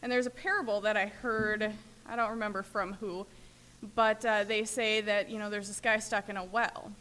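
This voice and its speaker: A woman's voice: medium pitch, flat delivery, moderate pace, bright, forceful tone. A woman from Minnesota speaking at a recovery workshop, telling stories in a chatty way full of fillers. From Minnesota, USA. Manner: chatty storyteller, many fillers. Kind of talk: recovery talk, personal sharing.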